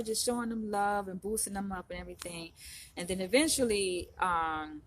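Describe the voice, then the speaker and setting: A woman's voice: mid-range voice, moderate pace, slight background noise. A woman vlogger talking casually to her viewers, rambling with lots of fillers like "you know" and "like". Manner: chatty, rambling, full of fillers. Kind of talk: casual chat to camera. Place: in Los Angeles.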